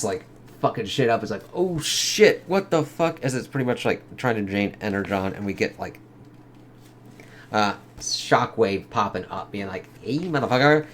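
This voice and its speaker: Low-voiced guy doing a chill comic review, swears a lot, faint hiss behind. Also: a bit bright. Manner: loose and profane, lots of fillers. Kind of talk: casual spoken review.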